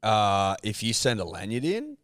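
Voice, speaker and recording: A man's voice: on the low side, huge pitch swings, normal speed, fairly bright tone, dry recording. A man co-hosting a sports podcast, dropping in short dry quips. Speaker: podcast co-host. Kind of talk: casual sports podcast banter.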